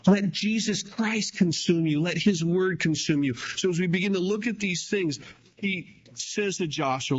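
A man preaching a sermon, reading scripture and retelling it in his own plain words, with emphatic swings between raised and hushed delivery. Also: high-pitched, unhurried, breathy edge, dull audio. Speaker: pastor.

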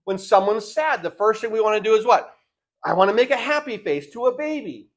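A man's voice: high-pitched, expressive, a little fast. An older man, a pastor, preaching a sermon, asking his listeners rhetorical questions and acting out the voices he quotes.

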